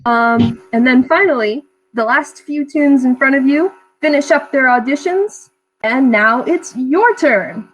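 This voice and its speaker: A woman running a tabletop game as its game master. Her voice sits high, and she narrates in a relaxed, chatty way. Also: a little slow, low-quality recording.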